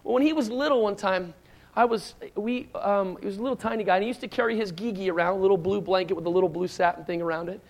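A man's voice: high voice, fast talker. A middle-aged man preaching a sermon as a pastor, talking in a loose, conversational way with restarts and asides. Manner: conversational, rambling with restarts, acts out shouted lines in stories. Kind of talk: sermon with personal stories.

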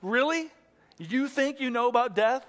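A man putting on a scornful hired mourner who loudly mocks and taunts. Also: extremely high pitch, lively intonation, measured pace, big-room sound, pitched above the performer's own voice. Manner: loud mocking taunts.

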